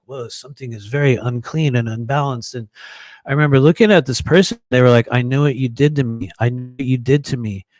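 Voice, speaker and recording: A man telling a long personal story in a casual monologue, rambling and filling pauses with "you know" and frequent laughs. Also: medium pitch, darkish tone, no room sound. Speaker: podcast host telling a story.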